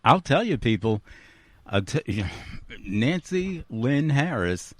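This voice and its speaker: A man hosting an interview, encouraging and lively. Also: mid-range voice, slow pace, no echo. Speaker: radio show host.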